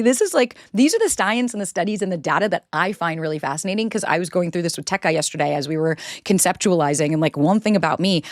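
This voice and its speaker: A woman's voice: on the low side, no echo, clean studio sound. Blunt, swearing woman podcast host. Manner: blunt, emphatic, swears freely. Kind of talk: candid solo podcast monologue.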